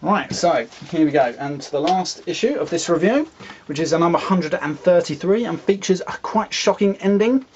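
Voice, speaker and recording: A man's voice: on the high side, lively intonation, moderate pace, a little mellow, muffled recording, slight background noise. A man casually reviewing comics, rambling, with fillers and asides.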